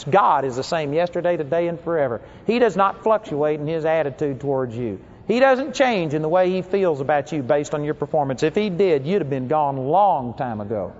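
Captured on a dull lo-fi recording, a man delivers a sermon built on lively storytelling, performing the quoted people in higher-pitched voices.

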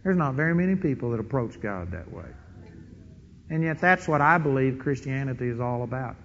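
A middle-aged man preaching a sermon, telling stories and acting out prayers in an animated way. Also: a little high, normal speed, in a large hall, dull audio, a little hiss or hum. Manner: animated storytelling with quoted prayers and chuckles.

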